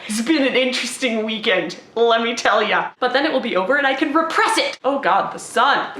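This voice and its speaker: A woman's voice: a little high, lively intonation, brisk, a bit bright. A young woman, a stage actor, chatting casually to camera in a rambling, self-deprecating way. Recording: roomy echoey sound.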